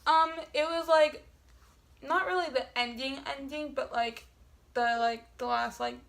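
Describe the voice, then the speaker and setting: A woman's voice: high voice, steady tone, a little slow, gravelly, a bit bright. A woman book vlogger chatting casually, rambling with lots of "like" fillers and self-corrections. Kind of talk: casual chat.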